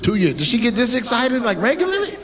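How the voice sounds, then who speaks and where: This male comic works the crowd at a live comedy venue, ribbing audience members in a loud, profane, brash style over the audience's noise. His voice is very high-pitched, swinging widely in pitch, and he talks fast.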